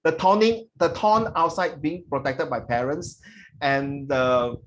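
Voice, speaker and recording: Male teacher, fairly high voice, theatrical essay reading with lots of code-switching. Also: unhurried, poor audio. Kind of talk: classroom lesson, reading a student essay aloud. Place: classroom.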